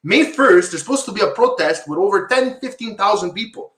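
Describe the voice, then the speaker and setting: A man's voice: high voice, expressive, fairly quick, fairly bright tone. A man from Quebec hosting a casual podcast talk show, rambling, repeating himself and calling viewers "guys". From Quebec, Canada. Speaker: podcast host. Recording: echoey room.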